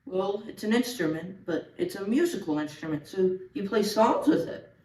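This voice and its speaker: A man patiently explaining things in a soft-spoken, casual way during a kids' lesson. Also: high-pitched, animated, normal speed. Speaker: helper explaining an instrument. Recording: distant, echoey, noisy room.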